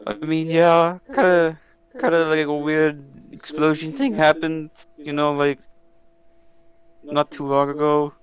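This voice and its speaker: A man's voice: fairly high pitch, level tone, unhurried, smooth, muffled recording. A man playing a tabletop game, talking in a loose, hesitant way. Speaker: player. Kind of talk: casual chat.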